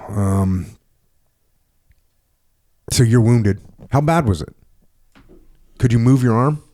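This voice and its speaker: A man hosts a podcast and reads from a war memoir in a steady, measured voice. His tone is dark and mellow. The sound is dry and close to the mic. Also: medium pitch, no echo. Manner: steady, measured reading with brief questions. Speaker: podcast host. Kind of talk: reading a memoir aloud and interviewing.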